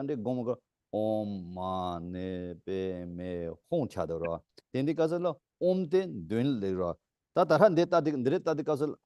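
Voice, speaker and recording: A middle-aged man teaching as a Buddhist teacher, speaking emphatically with sudden rising bursts of pitch and loudness. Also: dry recording, studio quality. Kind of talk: dharma teaching.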